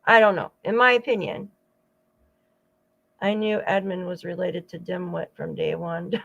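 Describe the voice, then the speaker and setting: A woman's voice: lowish voice, steady tone, measured pace, gravelly, fairly bright tone, dull audio. A woman hosting a true-crime channel, giving rambling casual commentary with frequent asides to her viewers. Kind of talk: casual commentary over clips.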